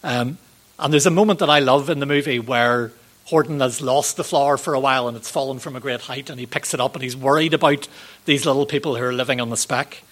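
A man, giving a sermon in a gentle, conversational way, with ums and rhetorical questions. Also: medium pitch, quick pace. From Northern Ireland. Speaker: preacher.

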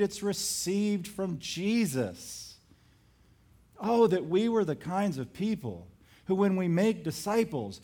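Slow, high-voiced preaching man. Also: darkish tone. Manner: storytelling with acted quotes, emphatic preaching. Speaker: pastor. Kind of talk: sermon.

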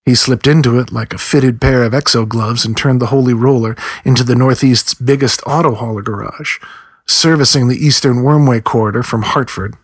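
An audiobook narrator reads a novel aloud from a script, his measured, steady storytelling voice carrying a husky, slightly breathy edge. His pitch sits in an ordinary middle range. The recording is close and dry, with no room sound.

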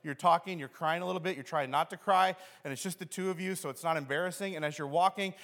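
A man preaching a sermon as pastor, telling the story in an animated way and acting out the scenes. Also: a little high, fast. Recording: long hall reverb.

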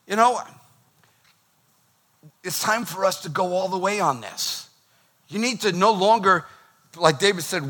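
A man preaching with a bright, forceful voice that sits a little high. He talks in a lively, conversational way and cracks jokes between points. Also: measured pace, long pauses. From Boston. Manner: energetic, conversational, joking preacher. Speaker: pastor. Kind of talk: sermon.

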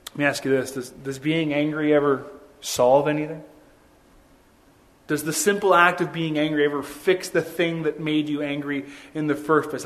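A man preaching a sermon as a pastor, in a conversational way with many rhetorical questions. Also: on the high side.

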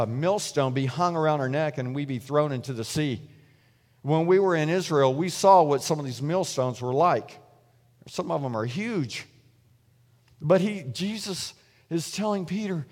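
A man delivers a sermon in an easy, chatty manner, slipping into the voices of the people in his story. His voice sits a little higher than most men's. The sound carries a long reverb, like a church hall. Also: darkish tone. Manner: conversational storytelling, acts out quoted voices. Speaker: preacher.

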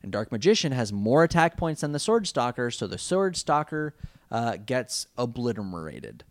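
A man's voice: medium pitch, big pitch swings, moderate pace, dry recording, clean studio sound. A man recapping a cartoon episode in a rambling, jokey casual chat, full of fillers. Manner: rambling and jokey, with many fillers and mock voices. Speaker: podcast co-host recapping an anime.

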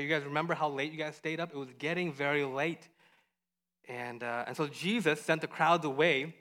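A man teaching children a Bible story, lively and full of questions to the kids, acting out the voices as he goes. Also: on the high side. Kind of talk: animated Bible story lesson.

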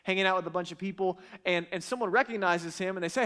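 Man, Bible teaching, earnest, emphatic, high voice, repeats words. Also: quick pace, hardly any pauses, fairly bright tone.

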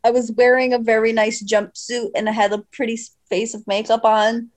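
A woman's voice: a little high, little pitch movement, brisk. A young woman on a podcast, chatting casually and acting out both sides of the dialogue as she tells a story. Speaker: podcast co-host. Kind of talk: casual chat.

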